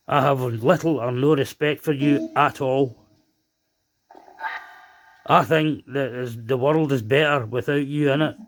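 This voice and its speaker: A man's voice: medium pitch, measured pace, pauses often, a little hiss or hum. A man hosting a paranormal spirit box session, questioning the spirit in a stern, accusing way. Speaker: paranormal investigator host.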